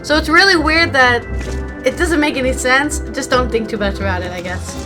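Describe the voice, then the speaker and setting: A woman streamer commenting excitedly on a story game as she plays it. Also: high voice, moderate pace, low-quality recording. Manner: excitable, reacting with gasps and laughs. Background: game music.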